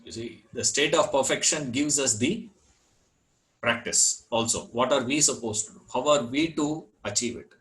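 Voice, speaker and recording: A man teaching a scripture class, unhurried, repeating words and filling gaps with "you know". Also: medium pitch, a bit bright, poor audio. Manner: chants Sanskrit verse. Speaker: Vedanta teacher.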